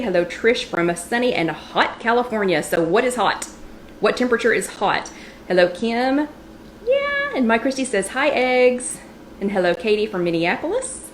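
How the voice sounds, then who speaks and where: A woman's voice: mid-range voice, slight background noise. A woman hosting a casual livestream from a kitchen showroom, chatting and greeting viewers by name. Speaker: livestream host.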